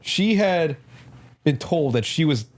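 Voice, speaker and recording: A man co-hosting a casual comic book review, relaxed and searching for words. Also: on the high side, takes it slowly. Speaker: podcast co-host.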